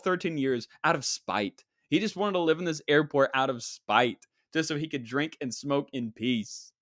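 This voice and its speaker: A man's voice: medium pitch, a bit bright, clear, resonant tone, no echo, studio quality. A young man hosting a casual solo podcast, rambling and joking offhand with many fillers. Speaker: podcast host.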